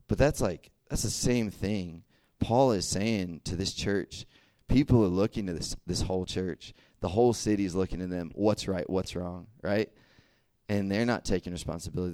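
Low-voiced young man preaching casually. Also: no echo. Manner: animated storytelling, acts out dialogue, frequent "right?" and "okay?". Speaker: youth preacher. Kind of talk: casual sermon.

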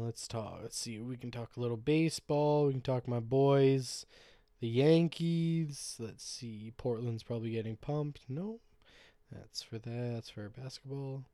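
A man's voice: medium pitch, a little slow, dark tone, dry recording. A man hosting a solo podcast, chatting casually in a loose, rambling, joking way with some swearing. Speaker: podcast host. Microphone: podcast microphone.

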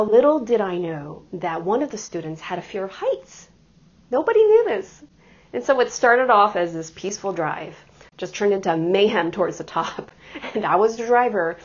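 Husky-voiced woman preaching a sermon. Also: medium pitch, lively intonation, moderate pace, muffled recording. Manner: warm storytelling with self-deprecating humor and laughter.

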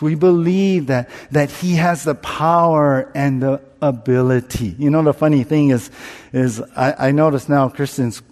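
A man's voice: a little high, fairly even intonation, a little slow, a little mellow. Self-mocking preacher man, echoing hall. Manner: candid, self-mocking storyteller who acts out his own panic. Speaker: pastor. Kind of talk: sermon with personal story. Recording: long reverb, as in a large hall.

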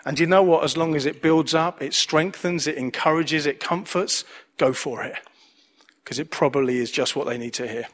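A man's voice: on the high side, moderate pace, a bit bright. A man preaching a sermon as pastor, earnest, repeating key phrases for emphasis.

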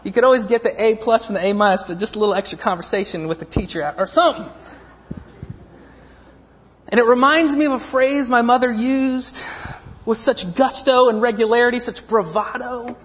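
A man's voice: extremely high pitch, fairly quick, fairly bright tone. A man in his thirties preaching a sermon, telling a story with humorous, self-mocking asides. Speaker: pastor. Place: church sanctuary. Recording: echoey dull lo-fi church recording.

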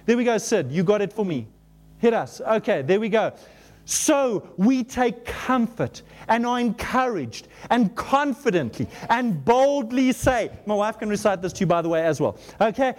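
A middle-aged male pastor preaching in a church, joking with the congregation and reading scripture slowly and emphatically. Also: high-pitched. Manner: animated, joking, with shouted exclamations. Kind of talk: sermon. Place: church auditorium.

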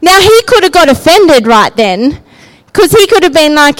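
A woman with a high, sing-song voice preaches at a moderate pace in a conversational style, repeatedly asking her listeners "right?" and "yeah?". The recording is rough.

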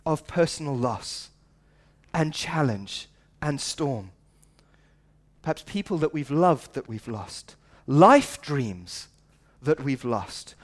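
Earnest pastor preaching a conversational sermon. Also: male voice, a little high. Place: church service at a school.

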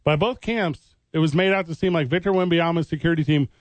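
A man's voice: a little high, fast, no echo. A man co-hosting sports talk radio, arguing his point and choosing his words with care. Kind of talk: heated sports talk debate.

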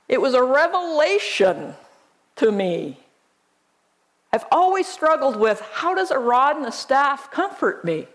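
A woman pastor preaching a sermon, reading scripture aloud in a deliberate, emphatic way. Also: on the high side.

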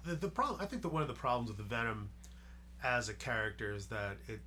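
A man co-hosting a casual podcast, building his points slowly and thoughtfully. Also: mid-range voice, sing-song, sharp tone, a little hiss or hum. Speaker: podcast co-host. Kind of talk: casual group discussion.

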